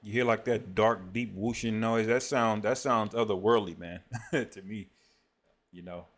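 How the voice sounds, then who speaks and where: A man giving casual spoken commentary on scripture and prophecy, often tagging his sentences with "man" and reading verses aloud slowly. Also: fairly low pitch, fairly even intonation. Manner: conversational, peppers speech with "man".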